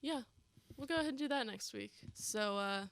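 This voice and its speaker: A young woman co-hosting a podcast, talking casually in a relaxed, hesitant way with "um" and "like". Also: on the high side, normal speed, vocal fry. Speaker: podcast co-host. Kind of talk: casual chat.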